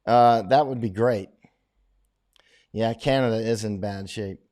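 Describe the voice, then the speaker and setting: A man's voice: on the low side, a little slow, darkish tone. Opinionated middle-aged man chatting casually. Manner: rambling, opinionated, frequent restarts. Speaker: host answering viewer questions. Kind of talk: casual livestream chat.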